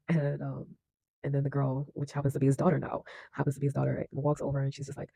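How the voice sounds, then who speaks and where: A man's voice: fairly high pitch, level tone, a little fast, gravelly, mellow, no echo, low-quality recording. A man giving casual film reaction commentary, effusive and slangy, laughing often and restarting his sentences. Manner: enthusiastic, laughs often, many fillers and restarts.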